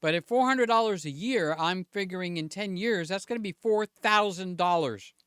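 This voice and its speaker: A man's voice: high-pitched, normal speed, a bit bright, smooth, no echo. A man hosting a casual livestream in his home studio. He chats, thinks aloud, pokes fun at himself and keeps checking in with his viewers. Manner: self-deprecating, thinks aloud. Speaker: livestream host. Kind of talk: casual live-stream chat. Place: home studio with several cameras.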